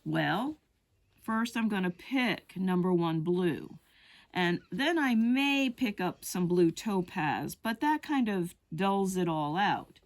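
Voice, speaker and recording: A woman's voice: fairly low pitch, animated, slow. A woman teaching a rug hooking lesson, chatting her way through wool colors as she shows them.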